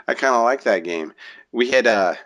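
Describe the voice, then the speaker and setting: A young man co-hosting a gaming podcast, talking in a laid-back, halting way with lots of "uh"s and chuckles. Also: medium pitch, expressive, fairly bright tone. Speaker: podcast co-host. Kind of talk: casual chat.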